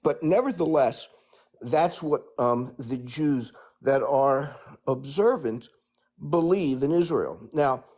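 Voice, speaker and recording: An American man calling in to a live online debate, measured and hesitant, with many ums and uhs. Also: mid-range voice, expressive, a little mellow. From United States. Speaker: call-in guest.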